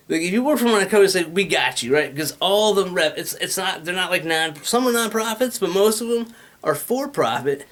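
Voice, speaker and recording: A man's voice: high voice, expressive, a little fast, a bit bright. A man in a casual, rambling rant, swearing often and restlessly jumping between ideas. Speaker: vlogger pitching his venture.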